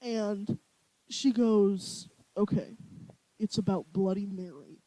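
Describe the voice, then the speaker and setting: Laughing young podcast co-host, mellow. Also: mid-range voice, takes it slowly, no room sound, rough recording. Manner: animated, laughing storyteller. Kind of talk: casual chat.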